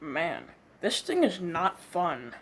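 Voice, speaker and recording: A woman performing a comedic skit, voicing quarrelling characters with cursing, yelps and shouting outbursts. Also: lowish voice, sing-song, takes it slowly, slightly rough.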